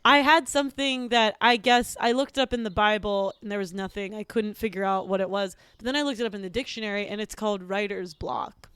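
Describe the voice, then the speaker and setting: Giggly teen girl podcast host, smooth clear voice, dry close mic. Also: mid-range voice, fairly even intonation, fairly quick, hardly any pauses, fairly bright tone, no room sound. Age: teens. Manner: earnest, bubbly, giggly. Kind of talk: comedy podcast banter.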